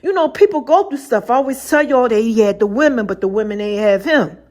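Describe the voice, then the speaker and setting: A woman hosting her own podcast, talking through her faith in an animated, slang-heavy way and often laughing. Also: fairly high pitch, a little fast. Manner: conversational slang-heavy delivery, addresses listeners directly. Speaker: podcast host. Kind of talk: casual faith talk monologue.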